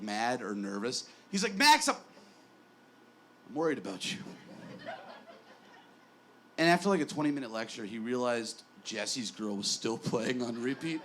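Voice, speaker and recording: A man's voice: mid-range voice, animated, brisk, a little hiss or hum. A man in his twenties doing a stand-up set in a small bar, rambling and self-deprecating with stammered restarts. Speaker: stand-up comedian.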